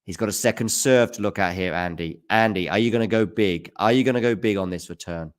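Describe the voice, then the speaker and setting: A man giving casual live tennis commentary on a stream, chatting with viewers by name and getting loud at big points. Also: on the low side, fairly quick, smooth. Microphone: handheld mic at times.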